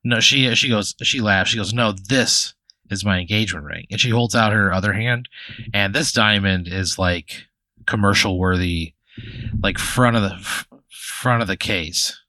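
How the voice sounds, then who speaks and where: A man with a low-set voice and a bright, forceful edge rambles through an improvised comic story. He swears freely and keeps restarting his sentences. The sound is dry and close. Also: measured pace, no room sound. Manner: rambling, profane, full of fillers and restarts. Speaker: comedy podcast host.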